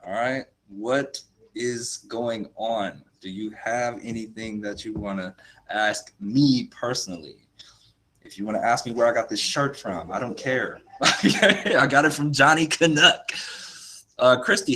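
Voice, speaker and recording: A man's voice: medium pitch, sharp tone, rough recording. A young man hosting a casual livestream, laid-back and laughing often, calling his viewers "y'all" and "dude". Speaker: motivation coach hosting a livestream.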